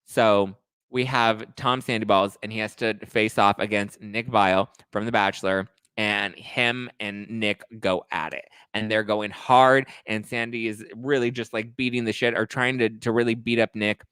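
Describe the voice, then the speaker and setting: A man's voice: fairly low pitch, fairly even intonation, normal speed, fairly bright tone, clean tone, no room sound. A male host recapping reality TV gossip in a casual, crude, playful way. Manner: gossipy, crude, playful, breaks into song snippets.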